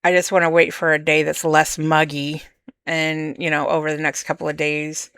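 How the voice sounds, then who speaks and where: A woman hosting a podcast, talking candidly and emotionally about her own feelings in a slow, searching monologue. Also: low voice, flat delivery, fairly bright tone, clear, resonant tone, no echo. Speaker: podcast host. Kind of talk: personal reflective monologue.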